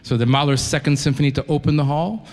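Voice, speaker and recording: Enthusiastic conductor in a reverberant hall. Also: male voice, on the high side, fairly even intonation, fast, a little mellow. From New York, United States. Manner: enthusiastic, conversational, with restarts. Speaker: orchestra conductor addressing the audience. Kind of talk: spoken introduction to a concert audience. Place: concert hall. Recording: long concert-hall reverb.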